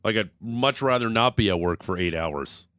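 A man's voice: lowish voice, normal speed, a bit bright, no echo, clean studio sound. A man from Ontario co-hosting a sports radio show, joking and mocking himself in loose, filler-heavy banter. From Ontario, Canada.

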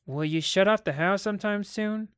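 A man's voice: high voice, moderate pace, a bit bright, clean tone, no room sound, studio quality, pitched above the performer's own voice. A man voicing a cold, defiant, spoiled boy in a dramatic audiobook reading.

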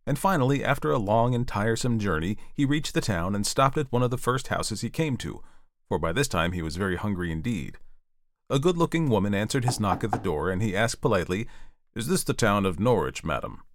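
A man reading a storybook aloud, expressive and playful, with chatty asides to the listener. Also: fairly low pitch, brisk, no echo, studio quality.

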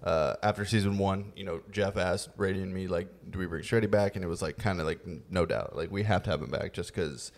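Low-voiced man telling a long story. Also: a little fast, vocal fry, few pauses. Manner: storytelling, relaxed, many fillers. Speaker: podcast host. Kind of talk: casual chat.

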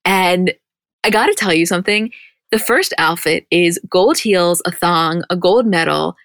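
A woman's voice: on the low side, lively intonation, a little slow, fairly bright tone, dry recording. A young woman co-hosting a podcast, chatting casually and rambling with lots of filler words. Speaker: podcast co-host. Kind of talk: casual chat recapping a reality show.

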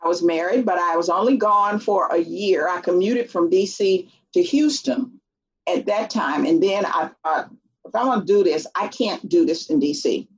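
Husky middle-aged woman telling a story. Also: on the low side, moderate pace. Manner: animated, acts out quoted voices. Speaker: guest. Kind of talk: storytelling interview chat. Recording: dull lo-fi sound.

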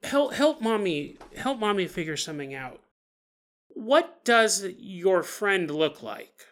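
A man voicing a worried young mother who questions her daughter gently, in a halting, coaxing way, within a told ghost story. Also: medium pitch, very animated, pitched above the performer's own voice. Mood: hesitant.

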